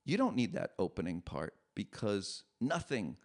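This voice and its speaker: A middle-aged man, a comedian, talking as a podcast guest, with animated, self-deprecating storytelling. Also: fairly low pitch, normal speed, vocal fry. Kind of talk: podcast conversation.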